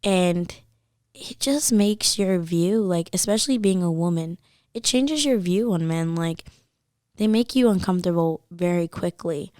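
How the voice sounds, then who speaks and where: Podcast guest, woman in her 20s, animated storyteller, slightly low voice, dry booth sound. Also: unhurried, no echo. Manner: animated, says "like" a lot. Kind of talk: casual storytelling chat.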